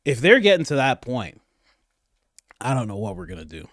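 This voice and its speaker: Animated sarcastic man ranting. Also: mid-range voice, moderate pace, no echo, clean studio sound. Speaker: podcast host. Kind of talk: comedic political commentary.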